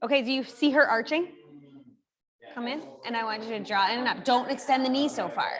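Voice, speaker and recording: High-voiced upbeat woman physical therapist. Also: a little fast. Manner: upbeat, chatty coaching cues with frequent "like" and "right?". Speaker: physical therapist leading a workshop. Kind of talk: live exercise coaching. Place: fitness studio group class.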